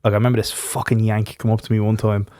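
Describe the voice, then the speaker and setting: A man's voice: fairly low pitch, flat delivery, rapid-fire, mellow, clear, resonant tone, no room sound, studio quality. Man hosting a casual podcast. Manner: swearing, storytelling with acted quotes. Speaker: podcast host and musician. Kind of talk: casual chat.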